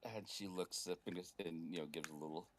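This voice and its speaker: A man's voice: low voice, fairly even intonation, fairly quick, slight background noise. A man narrating a tabletop role-playing game as game master, in a loose, rambling way with frequent fillers.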